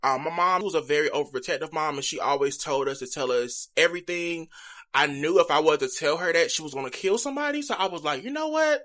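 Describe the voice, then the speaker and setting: Bright-voiced young man vlogging. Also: fairly high pitch, expressive, fast. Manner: chatty, candid, addresses viewers directly. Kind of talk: casual confessional vlog.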